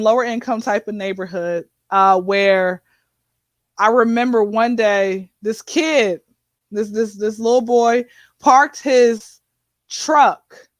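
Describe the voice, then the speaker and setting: A woman comedian in a casual interview, talking in an animated, preachy way with sassy asides. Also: on the high side, dry recording. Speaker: comedian guest.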